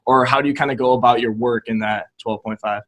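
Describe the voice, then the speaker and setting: A man who hosts an interview talks at an ordinary middle pitch for a man. He asks long, meandering questions and keeps restarting them. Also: fairly even intonation, fast talker, fairly bright tone. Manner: hesitant, many fillers and restarts. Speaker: interviewer, host.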